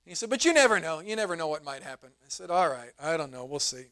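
A middle-aged man, a pastor preaching a sermon in a church, telling a folksy story in a relaxed, conversational way. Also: a little high, fast. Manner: rises to emphatic preaching. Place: church sanctuary.

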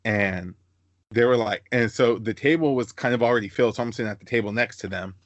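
A young man hosting a casual podcast chat, telling animated stories and slipping into high-pitched voices for the people he quotes. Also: fast talker, no room sound, lo-fi sound. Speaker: podcast host.

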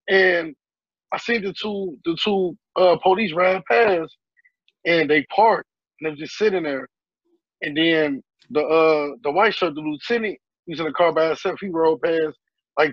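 Husky man telling an animated story. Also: high voice, no room sound, muffled recording. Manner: animated storytelling, reenacting a heated exchange. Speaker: panel guest. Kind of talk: casual group discussion.

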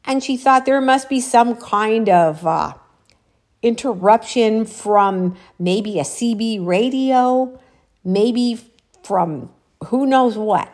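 A woman's voice: on the high side, slow, darkish tone. A woman vlogging outdoors on a walk, chatting casually as she retells a spooky story. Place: outdoors, walking.

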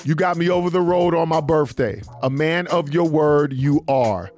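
A man hosting an internet radio show, reading listener messages aloud in a loose, slangy, animated way. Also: a little high, normal speed, faint music behind. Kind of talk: casual radio show banter.

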